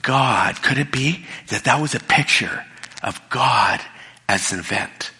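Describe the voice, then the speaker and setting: A man's voice: medium pitch, measured pace, sharp tone. A middle-aged man preaching a sermon in a casual storytelling way, often restarting his sentences, recorded in a church hall. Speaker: pastor. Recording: long hall reverb.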